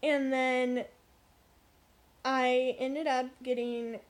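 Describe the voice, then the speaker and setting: A young woman vlogger telling a workplace story in a casual, animated, blunt way. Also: high-pitched, very slow. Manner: animated, blunt, frequent swearing and asides.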